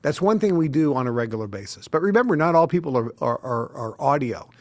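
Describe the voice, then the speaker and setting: A middle-aged man as an interview guest, telling lively anecdotes and acting out the people he quotes. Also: medium pitch, fast talker. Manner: animated storyteller who acts out quotes. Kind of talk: casual interview talk.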